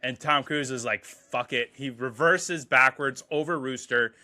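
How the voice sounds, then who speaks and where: A man giving a casual, excited movie review, swearing freely and paraphrasing scenes as he goes. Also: medium pitch. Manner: excited, profane, quotes scenes in quick paraphrase.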